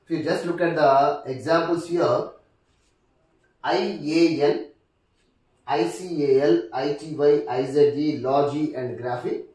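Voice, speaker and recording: A man with an Indian English accent teaching a lesson on word stress, speaking deliberately and repeating each example word. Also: on the high side, a little mellow. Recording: echoey room, distant mic.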